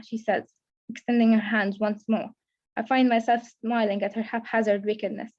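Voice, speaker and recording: A young woman student reads her first-person fiction aloud, steady and level with the odd restart. Her voice sits fairly high with little rise and fall. It comes through a dull, lo-fi video call line. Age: young adult. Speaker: creative writing student. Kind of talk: reading own fiction aloud.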